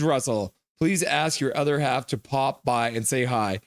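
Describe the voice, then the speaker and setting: A man hosting a casual hockey live stream, chatting loosely and reading viewer comments aloud, sometimes yelling them in a high put-on voice. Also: steady tone, normal speed, few pauses, no room sound.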